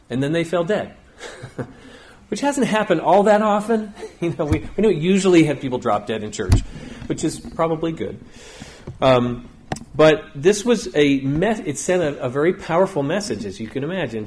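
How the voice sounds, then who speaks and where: A middle-aged man preaching in an easy, conversational way. His pitch sits in an ordinary middle range. He slips into the people in his stories, briefly giving them voices. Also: darkish tone, a little hiss or hum. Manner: conversational storytelling, acts out quotes. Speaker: pastor. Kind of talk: sermon.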